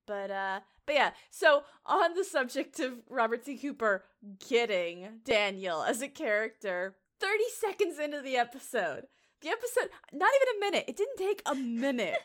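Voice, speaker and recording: A woman co-hosting a podcast in casual chat, animated and laughing often. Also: high-pitched, moderate pace. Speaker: podcast co-host.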